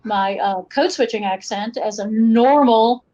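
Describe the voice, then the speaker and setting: A woman's voice: on the high side, a little slow, a little hiss or hum. A woman from western North Carolina with an Appalachian accent, a folklorist talking as an interview guest, telling stories with voiced quotes. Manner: storytelling, animated asides with voiced quotes. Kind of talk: casual interview conversation. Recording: dull lo-fi podcast recording.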